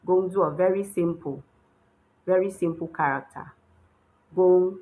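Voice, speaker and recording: A woman giving a step-by-step writing lesson as a language teacher. She talks patiently and repeats herself, checks in often with a questioning "hmm?", and sounds words out slowly. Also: on the low side, a little mellow, rough recording. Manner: models pronunciation slowly.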